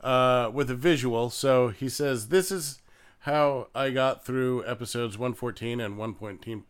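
A man's voice: mid-range voice, fairly even intonation, unhurried, clean tone. A man co-hosting a podcast in casual chat, reading listener messages and often hesitating with fillers. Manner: hesitant, searching for words, many uh fillers. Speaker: podcast co-host.

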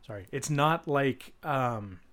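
A man's voice: medium pitch, animated, takes it slowly, fairly bright tone. A man co-hosting a podcast in casual chat, rambling with many fillers and restarts and swearing casually. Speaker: podcast co-host.

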